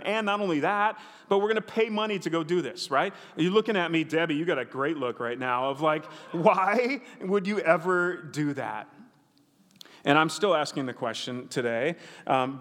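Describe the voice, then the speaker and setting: Male preacher, storytelling sermon, lively and conversational, slightly high voice, big hall echo. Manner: animated storytelling, conversational asides. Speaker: pastor.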